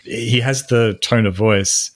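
A man's voice: lowish voice, steady tone, slow pace, no room sound, clean studio sound. A man chatting casually on a podcast and making blunt remarks. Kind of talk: casual chat.

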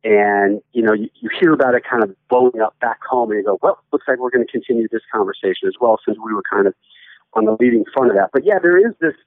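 A man who hosts a sports studio show, a guest chatting casually and joking with animated asides. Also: medium pitch, fast, dry recording. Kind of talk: casual interview chat. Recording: tinny phone-like line.

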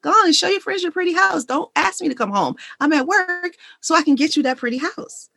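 A woman's voice: very high-pitched, lively intonation, a little fast, creaky, pushed and bright, no room sound, clean studio sound, voice pushed up, heavily acted. A woman acting out an indignant, hurt husband. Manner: pleading, indignant. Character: frustrated husband who feels unloved.

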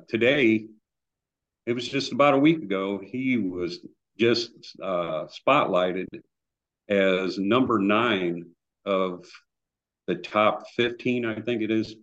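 Guest, male, lower register, storyteller, muffled lo-fi mic. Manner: animated anecdotes with acted-out quotes. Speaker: guitar builder guest. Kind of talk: casual storytelling. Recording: dull lo-fi remote audio.

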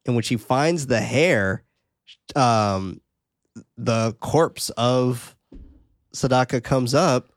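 A man hosting a podcast, recapping a horror film in a casual, profane, animated way. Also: mid-range voice, extremely slow, long pauses, no echo, clean studio sound. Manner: animated, profane, laughing often. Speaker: podcast host.

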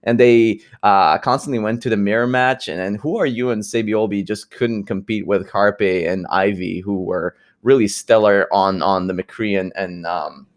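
A man co-hosting an esports talk show, giving loose casual analysis with fillers and quick asides. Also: on the low side. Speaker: esports podcast co-host. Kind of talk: casual chat.

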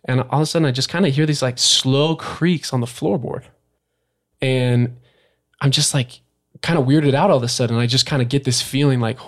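A young man, a guest on a podcast, tells a story from his past in a casual interview, talking haltingly with many fillers and restarts. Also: medium pitch.

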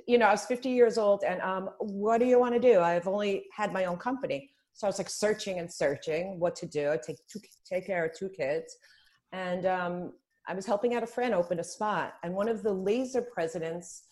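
A woman guest on a casual podcast chat who explains things in an emphatic, animated way. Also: lowish voice. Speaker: guest, spa business founder.

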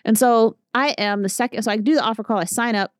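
A woman in her thirties hosting a podcast, telling stories in a casual, animated way and acting out what people said. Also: medium pitch, rapid-fire, dry recording, clean studio sound. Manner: chatty, animated storytelling with acted-out quotes. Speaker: podcast host. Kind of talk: casual solo podcast talk.

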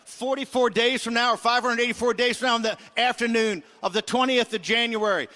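A middle-aged man hosting a political talk show, ranting combatively and shouting in bursts. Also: very high-pitched, fairly even intonation, fairly quick, few pauses, a faint crowd, a little hiss or hum. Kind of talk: fiery political rant.

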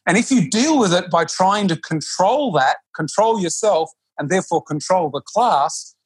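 A man who teaches yoga, speaking in a relaxed conversation and often restarting his sentences or acting out quotes. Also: high-pitched, normal speed, breathy edge. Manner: animated, with frequent restarts and acted-out quotes. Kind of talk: casual conversation.

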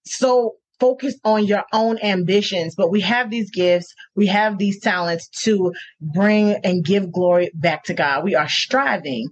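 A woman's voice: medium pitch, unhurried, few pauses, slightly rough. A woman hosting a podcast interview, effusive and gushing in casual chat. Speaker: podcast host. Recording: muffled lo-fi audio.

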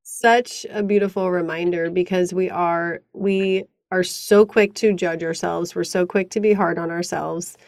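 A woman's voice: on the low side, fairly even intonation, unhurried, few pauses, darkish tone, no room sound. A woman hosting a podcast, responding in an affirming, reflective conversational way. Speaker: podcast host. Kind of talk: casual interview conversation.

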